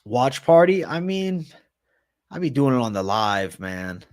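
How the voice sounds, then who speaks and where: A man's voice: mid-range voice, big pitch swings, unhurried. A man hosting a livestream, casually answering chat with slang and frequent swearing. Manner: profane, slangy, reads and answers chat comments.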